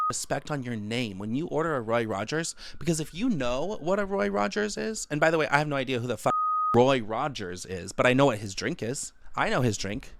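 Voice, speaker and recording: A man in his twenties delivering a profane, animated comedic rant monologue. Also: medium pitch, background noise. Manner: animated, profane, exaggerated outbursts.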